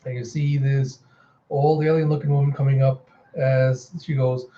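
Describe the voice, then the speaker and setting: A man's voice: medium pitch, level tone, normal speed, mellow. A man chatting casually as he reads through and reviews a comic book, retelling it animatedly. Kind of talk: casual readthrough narration. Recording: slightly dull home recording with fan hum. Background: fan running.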